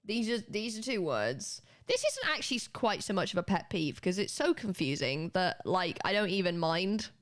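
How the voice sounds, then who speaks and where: A woman's voice: mid-range voice, sing-song, moderate pace, few pauses. A British woman streaming live, chatting casually and laughing often as she teaches a spelling lesson to her viewers.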